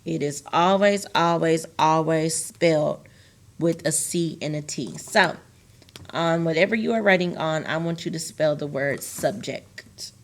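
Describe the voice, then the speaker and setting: Slow, deliberate woman teaching young students. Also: deep voice. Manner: slow, deliberate, sounding out words syllable by syllable; addresses young students directly. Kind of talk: recorded classroom lesson.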